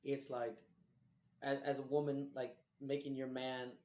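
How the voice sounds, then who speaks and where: A man from Houston with a hoarse, recovering voice, co-hosting a podcast and telling rambling, profane stories in a casual chat. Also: mid-range voice, measured pace, reverberant. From Houston, Texas. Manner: profane, rambling, animated storyteller. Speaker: podcast co-host.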